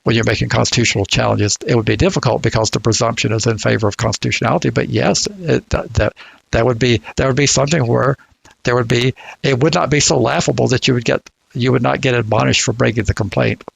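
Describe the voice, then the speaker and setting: Gravelly Southern man, slow drawl. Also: mid-range voice, fairly even intonation, no echo, poor audio. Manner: deliberate, halting, many restarts. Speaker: legal commentator. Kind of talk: casual podcast discussion.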